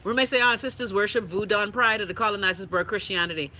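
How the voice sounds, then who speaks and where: A Bahamian woman hosting a livestream, chatting casually and reading viewer comments in a blunt, profane, animated way. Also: mid-range voice, fast talker, slight background noise, rough recording. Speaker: livestream host.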